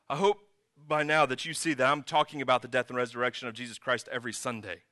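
A man's voice: mid-range voice, normal speed, pushed and bright, dry recording. A man preaching a sermon as pastor, mixing conversational storytelling with sudden emphatic rises.

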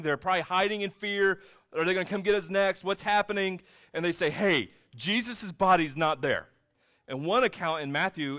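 A man's voice: a little high, fairly bright tone. A man, a pastor, preaching a sermon in a church and retelling the scene in a casual, storytelling way. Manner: conversational storytelling, retelling scenes in his own words. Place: church sanctuary with a screen.

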